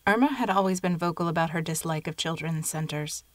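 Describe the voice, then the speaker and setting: Low, measured woman narrator. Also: dry recording. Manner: measured, even storytelling. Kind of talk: scripted narration of a short story.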